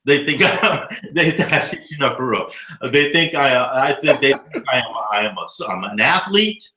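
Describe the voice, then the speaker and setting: A man in his fifties, an educator living abroad, telling stories in a casual, profane, animated way during an interview. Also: medium pitch, moderate pace, echoey room, low-quality recording. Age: 50s. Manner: animated, profane storyteller acting out dialogue.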